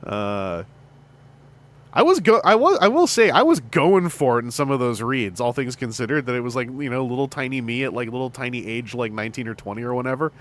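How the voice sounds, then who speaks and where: A Canadian man around forty chatting casually on a livestream, animated and laughing often. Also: mid-range voice, a little fast. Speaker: streamer host and fan voice actor.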